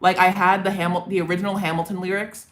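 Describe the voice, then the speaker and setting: A woman's voice: fairly low pitch, little pitch movement, fast. A woman streamer chatting casually about songwriting drafts, rambling and self-deprecating. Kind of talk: casual livestream chat.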